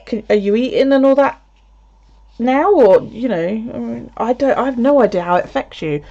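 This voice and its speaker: A chatty woman talking straight to her viewers from home, swearing freely and laughing as she goes. Her pitch swings widely and her delivery is animated. The sound is dull and lo-fi. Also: normal speed. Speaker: video creator. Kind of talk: casual live chat to viewers.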